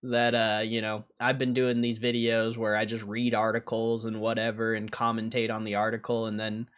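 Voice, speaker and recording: A young man talks on his livestream in a loose, offhand way, swearing as he reacts. He drifts between low mumbles and sudden loud outbursts. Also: monotone, moderate pace. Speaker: stock streamer. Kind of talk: casual livestream commentary.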